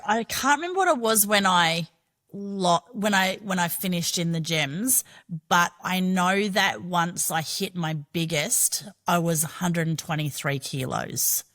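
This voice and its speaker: A middle-aged Australian woman speaks in a lowish, slightly bright voice at a measured pace. As a podcast guest she tells her own story frankly and chattily, swearing freely.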